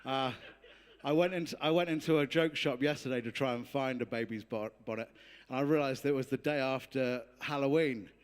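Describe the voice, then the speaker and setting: A man's voice: medium pitch, fairly quick, clear, resonant tone. A comedy musician chatting loosely between songs at a live gig, rambling and laughing at his own asides. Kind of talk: live comedy song set with stage patter. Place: live music venue stage.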